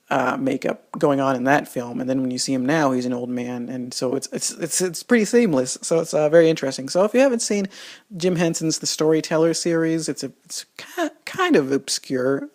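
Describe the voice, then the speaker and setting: A man's voice: medium pitch, a little mellow. A man giving a casual, rambling spoken film review, full of restarts and fillers and exasperated asides.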